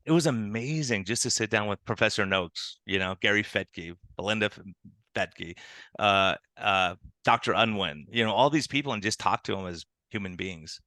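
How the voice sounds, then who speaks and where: A man, an internal medicine doctor, telling animated stories as a podcast guest and acting out the people he quotes. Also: fairly low pitch, moderate pace, no room sound. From United States. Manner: animated storytelling with quoted dialogue. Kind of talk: conversational interview.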